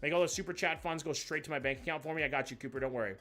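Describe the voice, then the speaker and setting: Bright-voiced profane streamer. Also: male voice, fairly high pitch, rapid-fire, faint music behind. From Canada. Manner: loose, profane, joking, reacts out loud to what he sees. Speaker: livestream host. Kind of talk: live reaction stream, casual chat.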